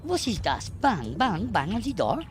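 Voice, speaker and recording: A woman's voice: medium pitch, big pitch swings, normal speed, music in the background, natural voice. A woman voicing a fussy, neurotic little male German gnome in an adventure game, with an exaggerated mock German accent and a fretful, flustered, sing-song manner.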